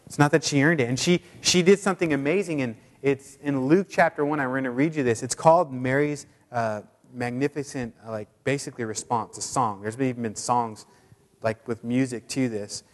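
Casual man preaching in a reverberant hall. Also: moderate pace. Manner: casual, chatty preaching with many fillers; puts on high squeaky voices when quoting people. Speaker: pastor. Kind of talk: sermon.

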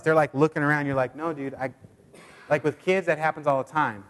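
A man preaching a sermon in a casual, chatty way with many fillers, now and then putting on high squeaky voices for quotes. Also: steady tone, fairly quick, fairly bright tone, in a large hall. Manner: puts on high squeaky voices when quoting people. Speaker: pastor.

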